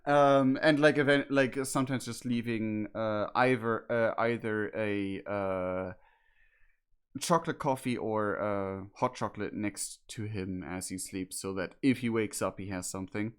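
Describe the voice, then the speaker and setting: A man playing a tabletop game, describing his character's actions hesitantly, with many pauses and restarts. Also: fairly low pitch, steady tone, clean tone. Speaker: player.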